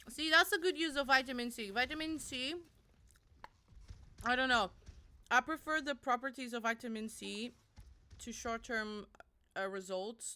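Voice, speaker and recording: Bright, crisp-voiced young woman streamer. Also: fairly high pitch. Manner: chatty and rambling, talks to chat. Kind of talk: casual live-stream chat.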